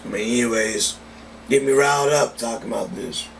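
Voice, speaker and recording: A man in a heated, foul-mouthed rant, talking in a casual vlog at a medium pitch. He sits a little back from the microphone, and a faint hum of noise runs underneath. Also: steady tone, normal speed, fairly bright tone. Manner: profane, heated political rant. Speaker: cigar reviewer. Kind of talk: casual ranting vlog monologue. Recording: distant mic with faint background noise.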